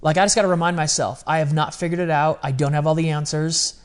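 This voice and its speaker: A man with a voice pitched a little above the usual male range speaks as a podcast guest. He talks candidly and earnestly, in a confessional, storytelling way. He often drops into quoting his own words, as if replaying a conversation. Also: steady tone, fast talker, clear, resonant tone. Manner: quotes his own past words in dialogue.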